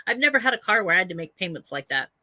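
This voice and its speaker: A woman's voice: fairly low pitch, sing-song, very fast, sharp tone, no echo. Blunt, emphatic woman in a dry room. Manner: blunt, emphatic, laughs through stories. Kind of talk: casual chat.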